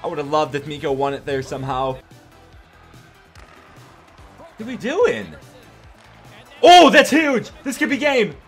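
A young man calls his own hockey video game, his voice high and jumping all over as he gets fired up and shouts at big plays. He swears jokingly along the way, with faint music playing under him. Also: huge pitch swings, measured pace, long pauses, breathy edge. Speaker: gaming YouTuber. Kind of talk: excited gameplay commentary.

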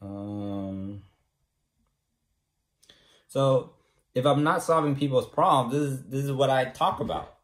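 The speaker, a young Californian vlogger, has a mid-range voice and talks slowly with long pauses. Addressing the camera casually, he rambles confidently and often tags his points with "right?".

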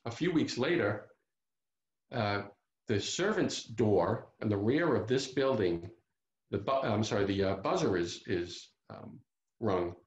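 A man's voice: fairly low pitch, expressive, a little slow, reverberant. A man giving an author talk, telling a true crime story with many fillers and restarts over a video call. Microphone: computer mic on a video call.

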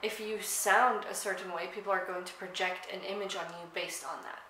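A woman's voice: mid-range voice, steady tone, brisk, bright, forceful tone, reverberant, slight background noise, low-quality recording. A young South African woman, Afrikaans by first language, chatting casually to camera as a language vlogger, with frequent ums and likes. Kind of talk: casual explanatory talk to camera.

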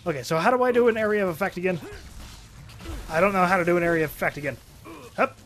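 A man recording let's play commentary as a gaming video host, excitable and exclaiming and laughing often. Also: sits high, fast talker.

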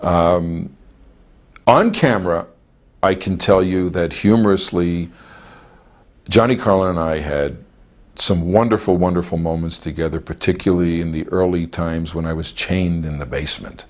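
A man, an actor, fondly recalling scenes with a colleague, with many pauses. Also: low-pitched. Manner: hesitant, fond. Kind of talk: anecdotal reminiscence.

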